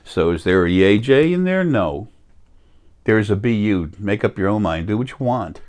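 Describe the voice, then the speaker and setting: Deep-voiced man rambling on spirit. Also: animated, normal speed, darkish tone. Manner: meandering, self-correcting, earnest. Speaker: spiritual teacher.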